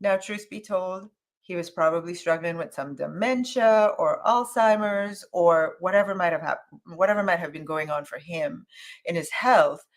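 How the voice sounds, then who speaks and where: A woman coach on a live morning show, telling a story in a casual, thinking-aloud way with fillers and restarts, and jumping into a high, animated voice when she quotes others. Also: moderate pace. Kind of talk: live motivational talk.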